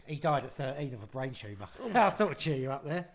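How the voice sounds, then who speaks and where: A man's voice: mid-range voice, big pitch swings, a little fast. A man with a rambling, mock-sincere manner, trading crude insults as a podcast co-host. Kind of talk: crude comedy banter.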